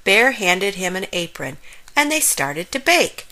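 A woman reading a children's picture book aloud, expressive and unhurried. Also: mid-range voice. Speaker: storyteller. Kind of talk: children's story read-aloud.

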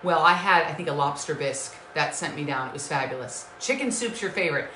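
A woman with a low-pitched but bright, forceful voice hosts a live-stream cooking show from her home kitchen. She talks in an effusive, gushing way, greeting viewers by name and calling them sweetheart. The sound is echoey, bouncing off the kitchen walls. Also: animated, fairly quick, slight background noise.

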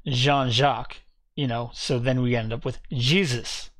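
A man's voice: mid-range voice, dry recording. A man teaching a Bible study in a conversational, explanatory way, often correcting himself as he goes.

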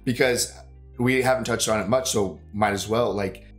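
A man's voice: on the low side, fairly even intonation, normal speed, faint music behind. A man with a sick, congested voice chatting casually as a co-host of a movie reaction, rambling with lots of fillers and casual swearing. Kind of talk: casual chat.

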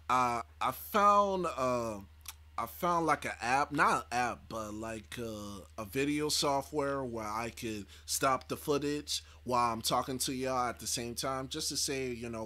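A man's voice: mid-range voice, sharp tone. Upbeat man hosting a reaction video. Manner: upbeat, chatty, with fillers. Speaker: YouTube host. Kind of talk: casual reaction commentary. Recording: clear background music.

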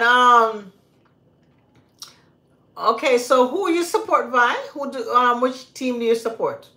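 A woman's voice: fairly high pitch, a bit bright. An older woman with a Jamaican accent, chatting casually to livestream viewers as a cooking channel host, telling rambling stories in patois. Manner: chatty storyteller, switches into patois, rambling asides. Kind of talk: casual chat with live viewers. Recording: echoey room.

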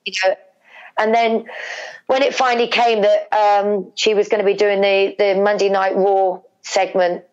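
A woman's voice: medium pitch, a little slow, lo-fi sound. A middle-aged woman from England, telling an emotional family story as an interview guest, repeating words and acting out what people said. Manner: animated, repeats words, acts out family dialogue.

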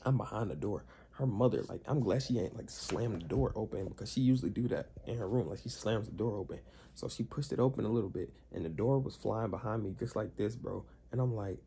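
A young man tells an animated, slang-filled story to camera as a vlogger, voicing the other characters' lines. He talks fairly quickly in a fairly low voice with vocal fry, and a little hiss or hum is audible.

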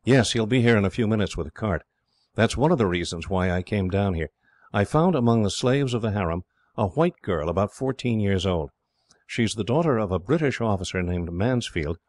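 A man's voice: on the low side, a little mellow, no echo. A man voicing an earnest, cheerful young English officer.

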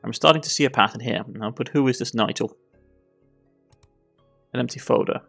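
A Cornish man reading through a detective game, dropping wry, dry asides as he goes. His voice is gravelly and sits at an ordinary pitch. Faint music plays under it. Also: moderate pace, fairly bright tone. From Cornwall. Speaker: gaming YouTuber. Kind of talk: let's play, reading game text aloud.

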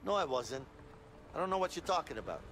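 A cocky young convict. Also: male voice, fairly high pitch, expressive, fast talker, fairly bright tone, slight background noise. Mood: defensive. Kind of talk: video game dialogue.

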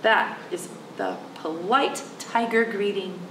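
A children's librarian, a woman, reads a picture book aloud in a lively, sing-song voice, drawing the little ones in. She talks in an unhurried way. The sound is roomy and echoing, picked up from a few steps away. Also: sits high, distant mic, background noise. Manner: animated, coaxing, speaks directly to the kids.

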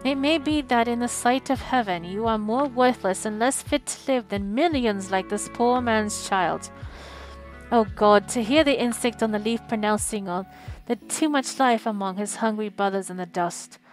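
A stern, solemn male spirit of Christmas, speaking slowly with a slightly high tone, as a woman reads him aloud. Soft music sits faintly in the background. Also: natural voice. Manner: solemn, slow rebuke.

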